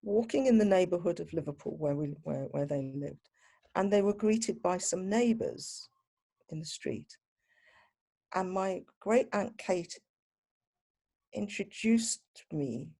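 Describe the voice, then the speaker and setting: A British woman looks back on her upbringing in a measured, reflective tone. Her voice has a gravelly edge and a dark, mellow colour. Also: fairly low pitch. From Britain. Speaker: interviewee. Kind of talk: personal reminiscence.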